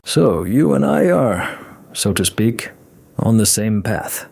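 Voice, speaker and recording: A man's voice: on the low side, animated, slow pace, gravelly, darkish tone, exaggerated voice. A man voicing a polite, talkative male train passenger with an ominous edge and an oddly formal way of speaking.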